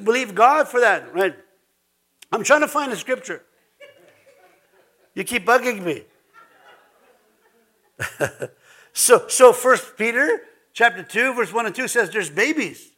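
A man's voice: extremely high pitch, lively intonation, takes it slowly, pauses often, pushed and bright. A man preaching an informal sermon as pastor, chatty and laughing, with frequent restarts and repeated words.

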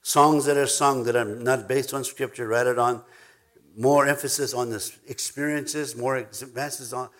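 A man's voice: medium pitch, steady tone, moderate pace, fairly bright tone. A man preaching a sermon as pastor, emphatic, repeating words for stress and now and then chuckling.

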